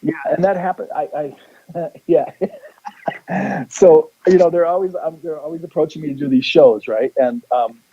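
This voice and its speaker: This radio-show psychic has a warm, slightly high, steady voice and a moderate pace broken by long pauses. He rambles through a story, starting sentences over and voicing each person's lines, over dull-sounding audio.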